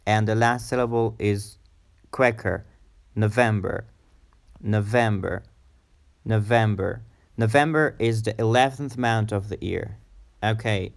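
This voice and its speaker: A man teaching an English pronunciation lesson, saying each word several times in a row for the learner to repeat. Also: fairly low pitch. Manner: slow, drilling words with repetition.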